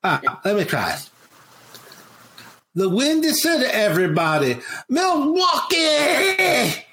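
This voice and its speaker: A man's voice: fairly high pitch, animated, moderate pace, fairly bright tone, a little hiss or hum. A man putting on a slurring, drawling Southern male wrestler as a comedy impression on a podcast. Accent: Southern US put-on.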